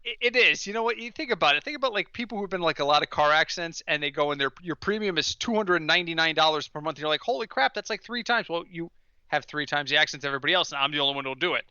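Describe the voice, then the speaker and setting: A man co-hosting a sports podcast, talking casually with animated, wry storytelling and the odd rant. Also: on the high side, very fast, smooth, no echo, lo-fi sound. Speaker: podcast co-host.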